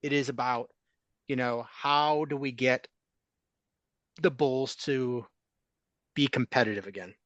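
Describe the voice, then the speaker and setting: A man talking sports in a casual, opinionated way, often restarting his sentences as he thinks aloud. His voice has a middling pitch and is recorded dry and close, with no room sound. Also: a little slow, pauses often, a bit bright, no room sound, dull audio. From Chicago area. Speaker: sports talk podcast host.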